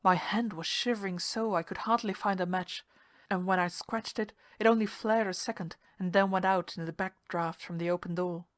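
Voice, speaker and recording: A woman narrating a ghost story in a measured, hushed storytelling manner. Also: fairly low pitch, steady tone, dry recording, studio quality. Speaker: story reader.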